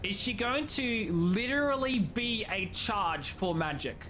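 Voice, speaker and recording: He has a high-pitched, bright voice with lively intonation and a forceful tone, yet he speaks slowly. The young game streamer offers casual live commentary, joking, rambling and laughing frequently against game music.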